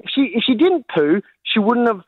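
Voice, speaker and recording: A man, a podcast guest telling a story in a lively, animated way and laughing as he goes, on a slightly dull recording. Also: extremely high pitch, moderate pace, crowd noise. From Australia. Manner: animated, laughs while telling, acts out family members. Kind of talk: casual podcast anecdote.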